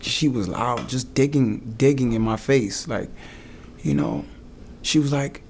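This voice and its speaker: A young man earnestly recounting a hard experience in his own words, halting and restarting as he goes. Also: medium pitch, a little mellow, a little hiss or hum. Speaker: client giving a testimonial. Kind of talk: emotional personal testimonial.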